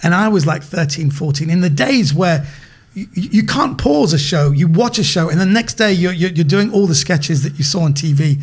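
A middle-aged man with a British accent, an animated guest comedian chatting on a podcast who repeats words as he gets going. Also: high-pitched, moderate pace. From Britain. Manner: animated storyteller, repeats words when excited. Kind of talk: casual podcast chat.

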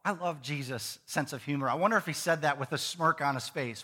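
A man preaching a sermon as pastor of a church, lively and conversational, with playful asides to the congregation. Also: fairly high pitch, a little fast. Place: church sanctuary. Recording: long reverb of a church hall.

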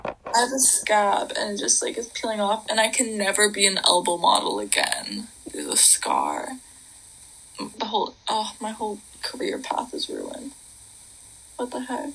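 A young woman co-hosting a casual late-night livestream chat, chatty and giggly, sometimes dropping into hushed whispers. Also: medium pitch, big pitch swings, a little slow, vocal fry, slight background noise, low-quality recording. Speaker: livestream co-host.

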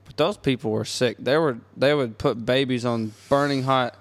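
A man's voice: mid-range voice, fairly even intonation, moderate pace. Guy chatting about the bible, earnest, kinda rambling. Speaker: podcast co-host. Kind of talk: casual religious discussion.

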